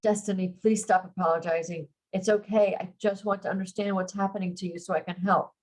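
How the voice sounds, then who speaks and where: A woman's voice: mid-range voice, steady tone, a little fast, darkish tone, natural voice. A woman reading aloud, voicing a worried young man who asks urgent, anxious questions and tries to comfort someone. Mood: reassuring.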